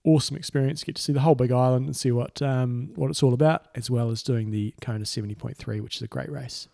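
A man's voice: mid-range voice, fairly even intonation, fast talker, gravelly, warm tone. A man, co-hosting a podcast and telling laid-back stories in casual chat. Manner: laid-back storytelling, chuckles through anecdotes. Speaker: podcast co-host and triathlon coach.

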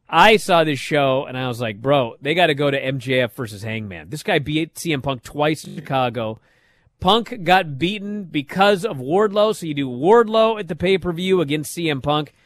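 A middle-aged man hosting a wrestling recap show, telling the matches in a lively, up-and-down casual way. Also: on the high side, dry recording. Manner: animated storytelling, swings loud and soft.

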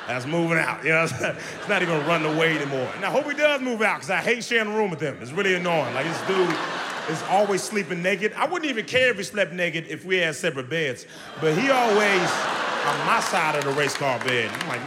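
Male stand-up comic, high voice, swooping delivery, hall reverb, crowd laughter. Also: a little fast, very noisy. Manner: animated, loud, playful crowd work. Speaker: stand-up comedian. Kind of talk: stand-up comedy routine. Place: live show venue with audience. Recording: live stage mic, hall echo, crowd laughter.

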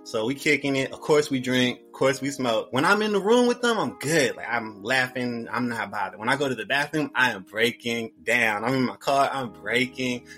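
A man's voice: mid-range voice, expressive, moderate pace, hardly any pauses, pushed and bright, soft background music. A young man telling a personal story in a casual, slangy way, often repeating his phrases.

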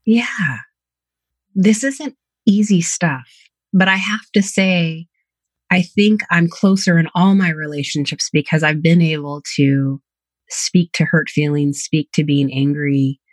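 A woman's voice: low voice, fairly even intonation, unhurried, no room sound. A woman psychotherapist speaking candidly in a podcast interview, telling reflective stories about her own life and her clients. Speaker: psychotherapist guest.

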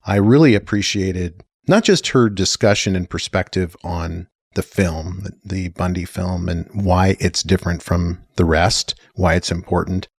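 A middle-aged man with a low, deep voice hosts a podcast in easy, chatty conversation. He laughs often and drifts into quieter asides. The recording is close and dry, with no room sound. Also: measured pace, few pauses, breathy edge, dry recording. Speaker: podcast host. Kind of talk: casual chat.

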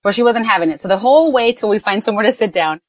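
A woman's voice: medium pitch, lively intonation, very fast, dry recording. A woman on a mom podcast, telling a family story in casual chat and slipping into Spanish phrases. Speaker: podcast co-host, mother.

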